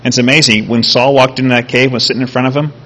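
A man preaching a sermon, retelling a scripture story with animated, acted-out quotes. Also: mid-range voice, very fast. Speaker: pastor.

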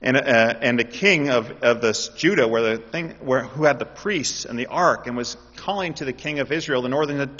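A man preaching a sermon in an animated way, building up to loud, emphatic calls. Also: mid-range voice, normal speed, few pauses. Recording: dull sound with long hall reverb.

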